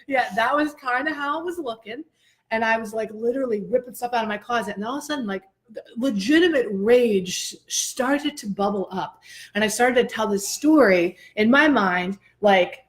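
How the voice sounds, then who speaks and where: A woman hosts a casual talk show and tells a personal story with plenty of animation. Her voice sits at an ordinary middle pitch, and she laughs easily as she goes. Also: normal speed. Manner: animated, expressive, laughs often. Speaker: host.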